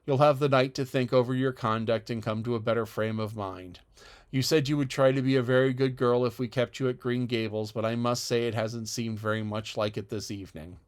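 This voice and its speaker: A man's voice: medium pitch, fairly even intonation, clean tone, natural voice. A man voicing a stern middle-aged woman guardian in an audiobook, speaking dryly and with severity. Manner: dry, severe, measured. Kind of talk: audiobook character voice.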